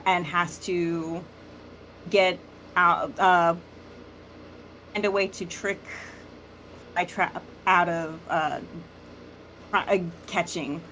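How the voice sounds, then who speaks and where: Slow, hesitant woman playing a tabletop game. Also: on the low side, fairly bright tone, a little hiss or hum. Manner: hesitant, many fillers. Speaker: player. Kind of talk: tabletop role-play, casual.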